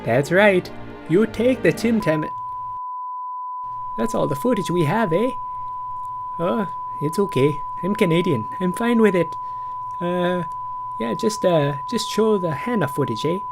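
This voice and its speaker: Man, vlog narrator, dry jokey delivery, lively intonation, music under the voice. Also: high voice, unhurried, creaky, long pauses. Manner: deadpan, tags lines with "eh". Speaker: vlogger. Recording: music behind.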